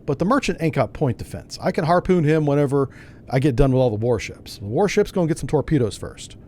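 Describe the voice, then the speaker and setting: A man's voice: on the high side, animated, quick pace, warm tone, slight background noise. A man hosting a gaming channel, giving casual gameplay commentary and thinking aloud in a wry, self-mocking way.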